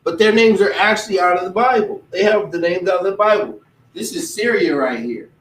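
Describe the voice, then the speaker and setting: Man, somewhat high voice, animated casual teacher who slips into impressions, recorded far off in a roomy space. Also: brisk. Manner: animated, mimics other people's voices. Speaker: religious teacher. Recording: echoey room, distant mic.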